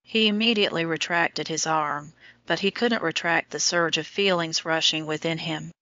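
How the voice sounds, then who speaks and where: A woman narrating a romance audiobook in a steady, even reading manner. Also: deep voice, normal speed, no echo. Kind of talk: scripted narration. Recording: dull lo-fi dry audio.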